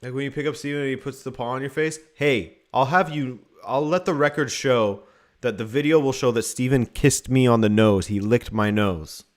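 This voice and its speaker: A man hosts a live football watchalong, offering casual, joking commentary and reading viewer comments aloud. His voice is medium-pitched and his speed is normal.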